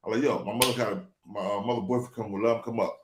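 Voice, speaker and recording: A man's voice: fairly low pitch, racing, roomy sound, noisy background. A man hosting a casual talk show, telling a long story and acting out the people in it. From New Jersey. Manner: animated, acts out quoted voices. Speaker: show host.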